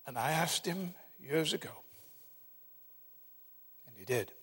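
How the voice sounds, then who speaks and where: A man preaching a sermon, telling stories with dramatic emphasis and long pauses. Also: fairly high pitch, sing-song, a bit bright, slightly rough. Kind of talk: sermon with storytelling. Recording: long hall reverb.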